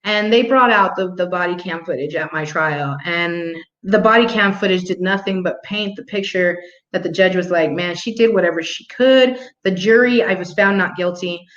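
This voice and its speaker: A woman's voice: on the low side, normal speed, fairly bright tone. Blunt, profane woman in a roomy room. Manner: blunt, profane storytelling with laughs. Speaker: vlog host. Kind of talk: casual monologue. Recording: roomy, muffled home recording.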